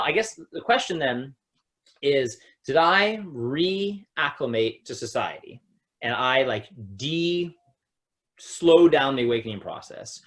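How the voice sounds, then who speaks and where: A man's voice: mid-range voice, fairly bright tone. A man co-hosting a casual spiritual discussion as a yoga teacher, framing long questions in a rambling, hesitant way with frequent fillers, and reading viewer comments.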